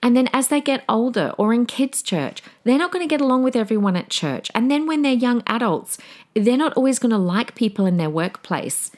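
A middle-aged woman hosting a parenting podcast, telling stories and giving advice in an animated, casual way, slipping into a soothing teacher voice when she quotes herself. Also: a little high, brisk.

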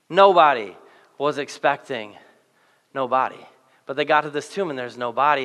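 Male pastor, playful and animated, bright forceful tone, long hall reverb. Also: a little high. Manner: animated, playful, acts out quick voices for biblical characters. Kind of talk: sermon.

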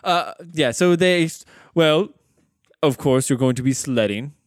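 A man voicing a small, red-haired, droopy-eyed sledding attendant who talks like a brisk, matter-of-fact clerk. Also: a little high, no room sound, lightly acted.

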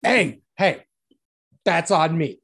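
A woman's voice: low voice, animated, slow pace, a bit bright, slightly rough. A woman hosting a wrestling podcast, trading profane, teasing banter with her co-hosts. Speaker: podcast host. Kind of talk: casual wrestling podcast chat.

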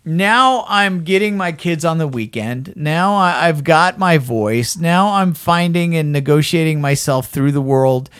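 A man tells a story on his podcast in an animated, casual way. He peppers it with "right?" and fillers. His voice sits a bit high, and the room sound is dry. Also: measured pace, hardly any pauses, clear, resonant tone, no echo. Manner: animated, keeps asking "right?", frequent fillers. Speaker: podcast co-host.

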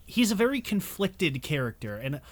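A man's voice: fairly high pitch, sing-song, normal speed. A man co-hosting a casual movie review podcast, rambling with lots of fillers and swearing freely. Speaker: podcast co-host.

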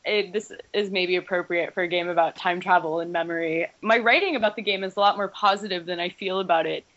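A woman's voice: fairly low pitch, fairly even intonation, fast, fairly bright tone. A woman on a games podcast panel, talking animatedly in casual discussion with frequent restarts. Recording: dull lo-fi podcast audio.

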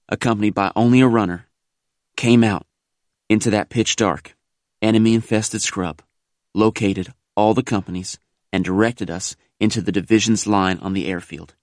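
A man reading a first-person war memoir aloud in a measured, grave audiobook narration. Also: fairly low pitch, no room sound, clean studio sound.

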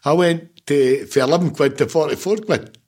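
A man's voice: fairly high pitch, moderate pace, a little mellow, breathy edge. A Scottish man in his seventies, a former football manager, telling stories in a casual interview, blunt and swearing freely with laughs between. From Scotland. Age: 70s.

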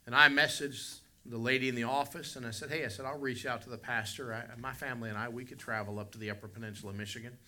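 A pastor from West Virginia, preaching a sermon and telling a story, moving between soft reflective passages and loud emphatic ones. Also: male voice, mid-range voice, steady tone, fast talker, hardly any pauses.

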